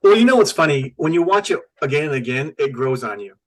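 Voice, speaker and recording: A man's voice: a little high, animated, quick pace. A man co-hosting a podcast, casually asking questions and chatting about a film. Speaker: podcast co-host. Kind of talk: casual movie chat.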